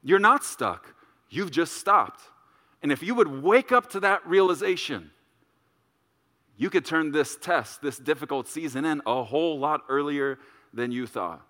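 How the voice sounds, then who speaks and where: A middle-aged male pastor preaching a sermon, telling a story and acting out voices with big jumps in pitch and volume. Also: bright, forceful tone, long reverb tail.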